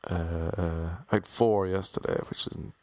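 A man's voice: sits low, steady tone, measured pace, a little mellow, no echo. A man vlogging casually as an aspiring actor, rambling and mocking himself. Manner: rambling, self-deprecating. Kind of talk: casual vlog monologue.

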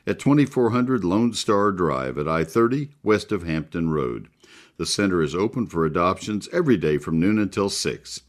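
This is a man hosting a call-in gardening show on the radio. He, a notably low voice and an easygoing, folksy delivery with fillers. He chats his way through listings and sponsor reads. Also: animated, normal speed. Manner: folksy, chatty, with frequent filler ums. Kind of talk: live call-in radio talk with read ads.

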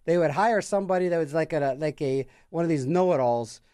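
A man's voice: fairly high pitch, a little fast, mellow, clear, resonant tone, no echo, clean studio sound. A man hosting a music radio show, chatting casually between records and rambling through jokes and acted-out little scenes.

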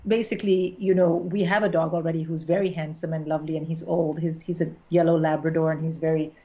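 A middle-aged woman with a slightly low voice, chatting casually as a guest. She tells her stories in a lively, frank and wry way. The recording sounds dull and lo-fi. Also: quick pace. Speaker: stand-up comedian, guest. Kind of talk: casual conversation.

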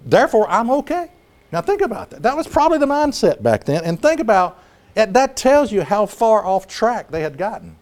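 Man, preacher, sermon, dramatic storytelling, high-ish voice, swooping intonation. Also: fairly quick. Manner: animated, dramatic acting-out of scripture scenes.

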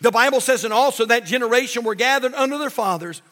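An older man preaches from the pulpit in a folksy, fervent way, often repeating himself. His voice sits high and sounds bright and forceful. The sound rings with the long reverb of a church sanctuary. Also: fast. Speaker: pastor. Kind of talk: sermon.

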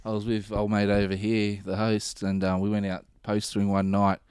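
A man guesting on a casual radio show, telling a story in a relaxed way. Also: lowish voice, moderate pace, slight background noise. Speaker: guest sticker artist.

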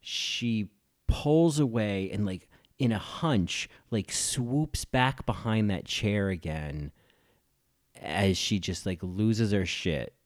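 A man hosts a podcast and talks through a film scene in casual commentary. He is animated and gushing, with campy asides, and his voice sits on the low side. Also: slow pace. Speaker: podcast host and film reviewer.

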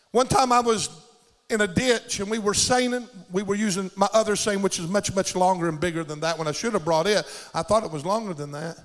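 A man preaching an animated sermon, calling for amens and breaking into shouts of praise. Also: sits high, brisk, a faint crowd. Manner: exuberant, calls for amens, shouts bursts of praise. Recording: hall reverb.

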